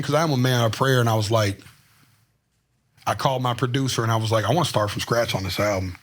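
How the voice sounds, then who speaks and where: In a podcast studio, a guest musician from Tennessee, US, tells stories for a casual interview, candid and rambling, full of slang and "like" fillers, into a studio microphone. His voice is medium in pitch and a bit bright.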